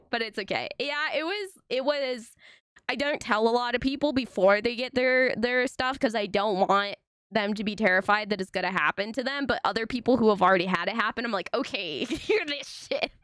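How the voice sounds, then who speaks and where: A young woman streaming, telling stories in casual chat, animated and full of tangents and swearing. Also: on the high side, normal speed, smooth, dry recording, studio quality. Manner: animated, tangent-prone storytelling with frequent swearing.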